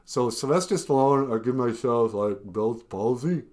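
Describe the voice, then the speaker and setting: A man's voice: mid-range voice, lively intonation, normal speed, a little mellow. A man hosting a casual live stream, chatting about how he does his impressions. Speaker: host.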